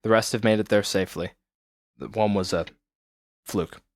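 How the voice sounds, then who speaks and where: A man voicing a calm, serious village woman. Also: lowish voice, normal speed, dry recording, pitched below the performer's own voice, lightly acted. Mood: grave.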